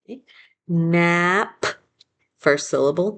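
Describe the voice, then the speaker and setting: Lady teacher going super slow, kinda low voice, sounding out every syllable for kids. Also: expressive. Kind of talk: slow phonics lesson, modeling aloud.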